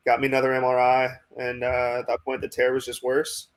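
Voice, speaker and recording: A young man in his twenties, a pitching prospect, telling a long story in a casual interview, rambling with lots of "like" and "you know" and acting out what coaches said. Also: monotone, a little fast. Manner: acts out quoted coaches in dialogue.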